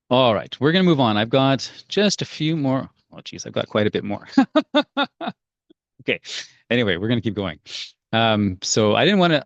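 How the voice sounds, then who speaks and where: Speaking with a lowish voice and vocal fry, a man leads a parenting workshop through casual stories full of fillers and restarts. The recording is dry, with the highs cut off.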